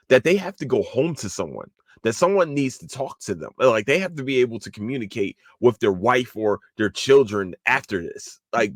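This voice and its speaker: A man hosting a solo podcast, ranting in a profane, animated way and swearing freely. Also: dry recording, clean studio sound. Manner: profane, animated, mocking high-pitched impressions. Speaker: podcast host.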